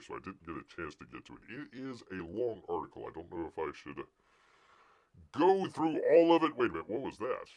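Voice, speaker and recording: Sarcastic man with a lively pitch. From United States. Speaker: host of a live news and chat stream. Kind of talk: casual news commentary, reading articles aloud.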